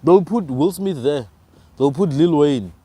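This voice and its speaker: Lively, emphatic man. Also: a little high, unhurried, breathy edge. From South Africa. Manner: emphatic, preachy, rhetorical questions. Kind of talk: passionate conversational argument.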